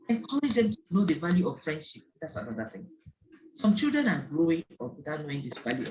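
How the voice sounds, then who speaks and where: A woman giving an online talk to parents, telling stories and acting out the voices of the people in them. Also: on the low side. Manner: lively storytelling, acting out quoted voices. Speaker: parenting speaker. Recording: faint background noise and clicks.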